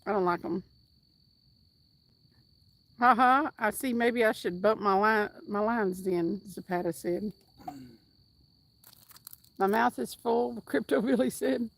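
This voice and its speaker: A woman's voice: mid-range voice, slow, vocal fry, pauses often. A woman hosting a casual livestream outdoors by the water, reading viewer comments aloud in an upbeat, chatty way and whooping now and then. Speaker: livestream host. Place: outdoors by the water while fishing.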